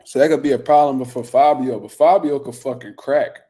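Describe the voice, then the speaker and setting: A man's voice: mid-range voice, brisk, mellow, breathy edge. A man hosting a boxing news show, talking casually in a loose, profane, rambling way while reading viewer comments.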